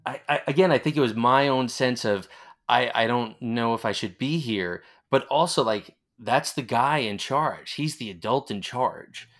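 A man's voice: medium pitch, a little slow, fairly bright tone. A man in his forties with a Long Island accent, rambling as he tells nostalgic stories in a casual interview. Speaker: interviewee, former college radio announcer.

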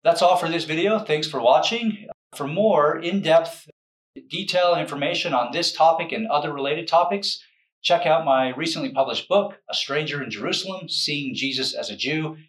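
A man's voice: fairly high pitch, moderate pace, fairly bright tone, low-quality recording. Man giving a casual, self-correcting talk. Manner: loose, self-correcting, conversational. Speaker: video lecturer and author. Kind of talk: casual explanatory lecture.

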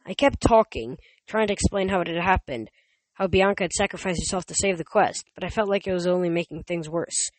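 Reading briskly in a steady, plain first-person narration, this audiobook reader keeps an even middle pitch and now and then stumbles and starts over. It's recorded close-miked in a dry, dead space with no room sound, and the quality is rough.

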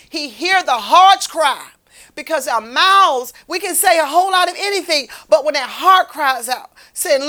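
A woman's voice: high-pitched, fairly bright tone. A woman delivering a fervent, repetitive street-preaching sermon as a lay minister.

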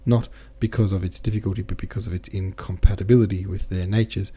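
A man narrating an audiobook in a steady, measured way. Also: low voice, slightly rough. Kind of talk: audiobook reading.

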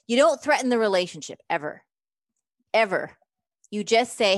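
A woman's voice: medium pitch, moderate pace, no echo. Woman coach talking relationships, super emphatic, acts out little quotes, dry close mic. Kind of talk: interview guest, explaining her method.

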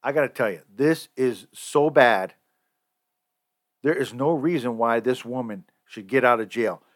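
A man's voice: medium pitch, unhurried. Man, podcast host, heated rant, profane, repetitive, mid-range voice. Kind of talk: angry solo podcast rant.

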